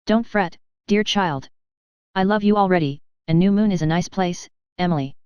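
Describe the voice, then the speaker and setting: A woman voicing a gentle, tender-hearted aunt in a storybook, soft and kind. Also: fairly low pitch, normal speed, clear, resonant tone, no echo, highs cut off, natural voice.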